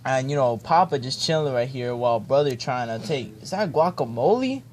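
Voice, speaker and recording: A young man mock-reads a children's storybook for comedy, ad-libbing with laid-back slang and joking asides while friends chat and laugh nearby. His mid-range voice is animated and a little mellow at a moderate pace, with a little hiss or hum in the audio.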